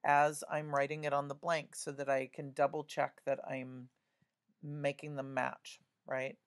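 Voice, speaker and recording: A woman's voice: sits low, little pitch movement, a little slow. A woman teaching a spelling lesson, patiently spelling words out letter by letter and talking through each answer aloud.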